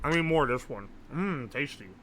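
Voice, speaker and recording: A young man, chatting casually on a live stream, loud and joking, swearing often and laughing a lot. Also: medium pitch, animated, a little fast, slight background noise. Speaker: livestreamer.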